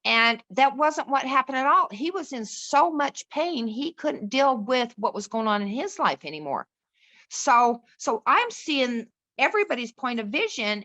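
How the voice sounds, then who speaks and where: This middle-aged woman's voice is fairly high, bright and forceful. Appearing as a podcast guest, she shares a personal story in casual chat, earnest and rambling, often restarting and quoting other people.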